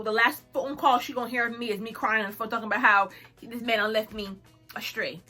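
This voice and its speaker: A young woman vlogger telling a personal story to camera in a casual, animated way, acting out what she said. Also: a little high, fast, soft background music. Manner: animated, acts out her own lines with laughs.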